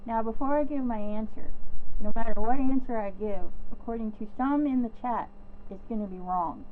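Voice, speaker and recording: A woman's voice: on the high side, moderate pace. A woman co-hosting a casual movie review chat, talking in a chatty, rambling way. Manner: chatty, rambling, laughs easily. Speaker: podcast co-host. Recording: tinny phone-like sound with faint noise.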